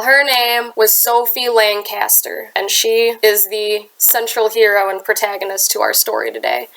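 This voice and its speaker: A woman's voice: a little high, fairly bright tone, low-quality recording. A young woman with a Midwestern accent and a stuffy, sinus-clogged voice, hosting a true crime channel and telling the story in an earnest, chatty way with casual asides. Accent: American Midwestern. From United States. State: congested from a sinus infection. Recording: harsh, clipping home recording.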